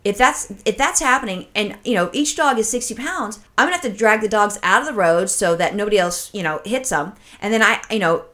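A woman co-hosting a podcast, telling a story in a casual, profane, excitable way and acting out her own reactions. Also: medium pitch, brisk, few pauses. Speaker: podcast co-host.

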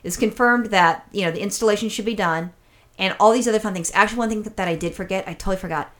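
Rapid-fire woman co-host, profane and exasperated, tells rambling stories and quotes other people. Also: medium pitch, fairly bright tone. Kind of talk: casual storytelling chat.

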